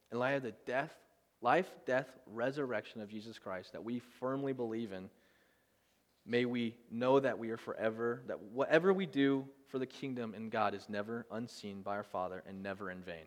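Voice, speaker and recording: Young male preacher, casual and halting, mid-pitched voice, hall reverb. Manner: casual, self-deprecating, halting. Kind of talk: sermon. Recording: long echo of a hall.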